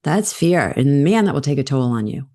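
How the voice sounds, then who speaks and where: A woman's voice: a bass voice, normal speed, a little hiss or hum. A middle-aged woman, a podcast guest, telling a story in conversation and acting out the lines she quotes. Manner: animated, acts out quoted lines.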